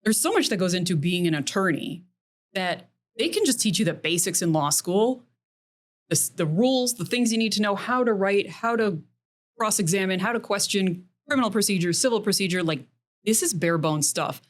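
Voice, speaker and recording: A middle-aged woman, a criminal defense attorney, chatting as a podcast guest, earnest and listing things in quick runs. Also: medium pitch, lively intonation. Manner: earnest, talks in quick lists. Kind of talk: casual interview chat.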